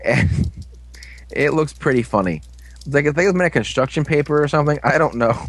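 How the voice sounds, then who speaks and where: A man's voice: a little high, brisk, rough recording. A young man casually recapping a TV episode, rambling, joking and losing his place.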